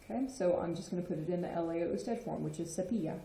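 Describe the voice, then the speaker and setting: Teacher type: woman, low-ish mellow voice, patient explainer, roomy echo. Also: fast, creaky, slight background noise. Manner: patient, checks in with frequent "okay?". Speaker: Spanish teacher. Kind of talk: explanatory lesson. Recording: echoey room.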